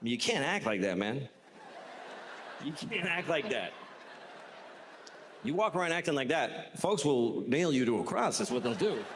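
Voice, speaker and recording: Male comic, lively pitch swings, profane riffing; live hall reverb. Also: unhurried, long pauses, noisy background. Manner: conversational, profane, rising to incredulous rants. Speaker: stand-up comedian. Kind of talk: stand-up comedy set. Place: comedy stage before audience.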